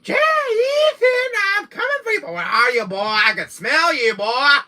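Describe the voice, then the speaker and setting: A man's voice: very high voice, big pitch swings, measured pace, voice pushed up, exaggerated voice. A man doing a taunting Louisiana stalker. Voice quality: loud taunting drawl, keeps saying "boy". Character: menacing Southern man stalking his prey.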